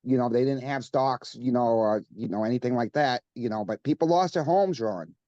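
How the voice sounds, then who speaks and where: A man's voice: medium pitch, moderate pace, mellow, no echo, dull audio. A man with a Maine accent, an interview guest talking earnestly with frequent fillers and repeating the host's name. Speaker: coin shop guest. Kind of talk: casual interview chat.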